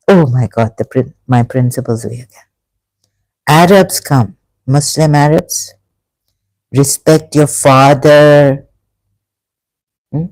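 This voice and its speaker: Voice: medium pitch, slow, long pauses, a little mellow, dry recording, poor audio. A speaker giving an emotional, rambling monologue commentary with many restarts. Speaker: religion critic.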